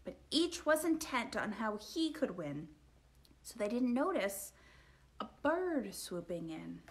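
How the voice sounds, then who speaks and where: A woman reading a rhyming children's picture book aloud, expressive and sing-song, sometimes dropping to a whisper. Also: fairly high pitch, slow pace, a little hiss or hum. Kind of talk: storytime read-aloud.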